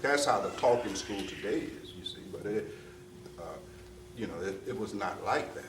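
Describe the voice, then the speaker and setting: A spiritual teacher with a lowish, animated voice speaks at a moderate pace to a gathered audience, with a noisy background. His discourse is emphatic and repetitive, and he often asks "you see?" and slips into street slang. The mic is roomy and distant, with faint ambience.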